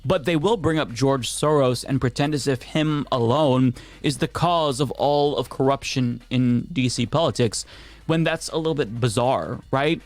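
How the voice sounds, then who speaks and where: A man giving scripted political commentary in a measured, argumentative way. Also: medium pitch. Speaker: political commentator in a played video.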